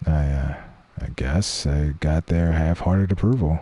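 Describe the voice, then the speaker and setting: A man's voice: a bass voice, measured pace, dark tone. A man casually reading a visual novel aloud, voicing its characters and swearing now and then. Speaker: let's play streamer.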